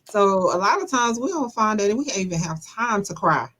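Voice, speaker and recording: A woman's voice: medium pitch, expressive, moderate pace, a bit bright. A woman host in casual conversation, loose and chatty, laughing often. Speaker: podcast host. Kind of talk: casual chat.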